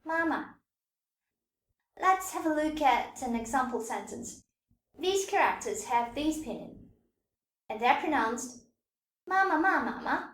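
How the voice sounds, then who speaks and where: Female language teacher, high voice, deliberate tone demos, roomy echo. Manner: clear, deliberate demonstration of tones. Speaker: Mandarin teacher. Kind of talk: scripted language lesson.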